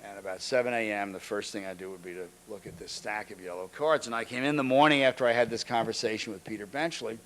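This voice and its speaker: An older man giving an anecdotal lecture, halting often, restarting phrases and clearing his throat. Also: lowish voice, a bit bright. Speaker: guest lecturer. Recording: archival lecture recording.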